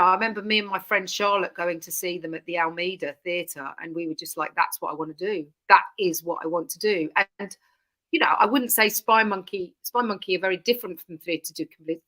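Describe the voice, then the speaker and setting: Guest spot: bright, lively woman, comic performer on a video call. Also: lowish voice. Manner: lively, animated, laughing. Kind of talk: casual interview chat.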